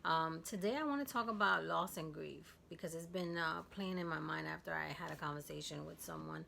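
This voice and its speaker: A woman from Guatemala telling a personal story in a vlog, soft and halting, with many fillers. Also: low-pitched, vocal fry, slight background noise. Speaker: vlogger.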